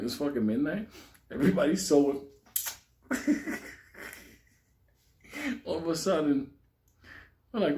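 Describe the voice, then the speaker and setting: A man telling a comic story from his youth, cursing freely and laughing as he goes. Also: a little high. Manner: profane, animated, laughs while telling.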